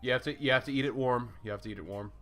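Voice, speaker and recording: A man talks loosely over a livestreamed game, tripping over his words and repeating himself as he hunts for the next phrase. His voice is bright and forward at a middling pitch, close to a desk mic. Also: rapid-fire, soft background music. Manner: stammering, repeats words as he searches for them. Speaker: streamer. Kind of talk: casual chat while livestreaming a game.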